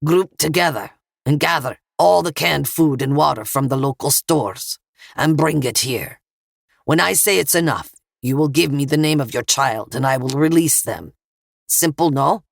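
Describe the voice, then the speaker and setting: A woman's voice: sits low, normal speed, creaky, no room sound, studio quality. A woman voicing a menacing male gunman with a Russian accent, cold and smirking, in an audiobook. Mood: calm threatening.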